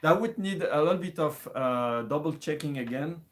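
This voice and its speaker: A man's voice: fairly high pitch, expressive, moderate pace. A man giving a casual music lesson, thinking aloud, hesitating and restarting with many fillers. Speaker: music teacher.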